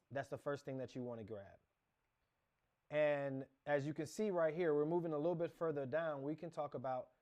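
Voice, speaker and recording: A fairly high-voiced man walks through a software lesson while sharing his screen. He rambles casually, narrating each click and correcting himself mid-sentence. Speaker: course instructor. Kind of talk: casual screen-share tutorial.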